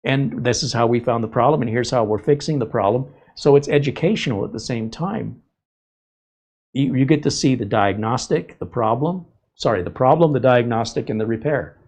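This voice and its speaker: A man's voice: mid-range voice, normal speed, a little mellow. A man hosting a live tech stream, talking in a rambling, conversational way and laughing often. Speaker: host.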